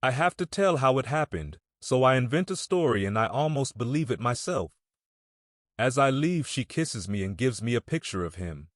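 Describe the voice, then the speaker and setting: A man's voice: medium pitch, sing-song, moderate pace, dry recording. Somber male audiobook narrator, dry sound. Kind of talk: scripted narration.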